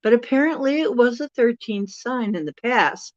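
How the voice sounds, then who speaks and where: A woman's voice: on the high side, expressive, normal speed, no room sound, dull audio. A woman hosting a casual livestream, chatty and rambling, often laughing and correcting herself. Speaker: livestream host.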